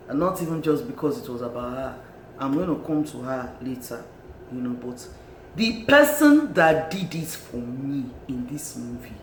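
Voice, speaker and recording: A reviewer with a Nigerian accent gives a loose, animated take on a film and punctuates points with exclamations and repeated words. The voice sits at a middle pitch. It is recorded in an echoey room with a faint background hiss. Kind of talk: casual film review commentary.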